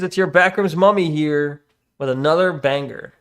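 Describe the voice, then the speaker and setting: A man's voice: a little high, moderate pace, fairly bright tone, clean tone. A young man streaming, chatting casually and rambling with a profane, joking manner as he reads his chat.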